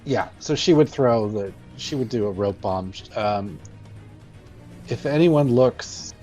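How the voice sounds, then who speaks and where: A man's voice: mid-range voice, expressive, takes it slowly, mellow, soft background music. A man speaking casually as a player at a tabletop game, rambling and swearing.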